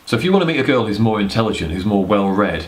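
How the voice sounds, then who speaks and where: Deep-voiced man rambling advice. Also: very animated, rapid-fire. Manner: rambling, blunt, swears casually. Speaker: dating advice vlogger. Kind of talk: casual talking-head advice.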